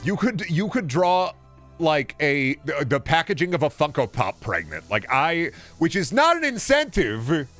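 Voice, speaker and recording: A man's voice: fairly high pitch, big pitch swings, measured pace, fairly bright tone, soft background music. Rambling, profane male streamer. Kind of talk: casual chat while streaming a game.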